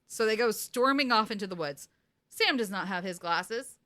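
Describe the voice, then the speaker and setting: Woman, casual podcast co-host, bright voice, lively retelling. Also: mid-range voice, normal speed. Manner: animated, acts out characters in quotes. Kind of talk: casual recap chat.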